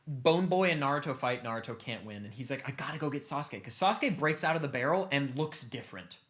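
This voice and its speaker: A young man casually retelling a long story to his family, animated and cursing offhandedly. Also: mid-range voice, brisk. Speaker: streamer host.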